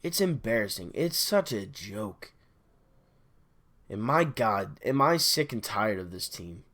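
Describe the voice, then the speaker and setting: A man's voice: fairly low pitch, sing-song, takes it slowly, fairly bright tone. A man hosting a sports podcast, delivering an exasperated solo fan rant, repeating his complaints over and over. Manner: exasperated, repetitive ranting.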